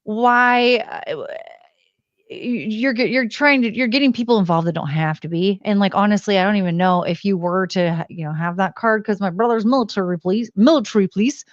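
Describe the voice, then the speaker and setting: A woman's voice: mid-range voice, fairly quick, dry recording, highs cut off. Chatty woman telling a story. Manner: animated storyteller, quotes people in raised voice. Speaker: podcast co-host. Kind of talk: casual chat.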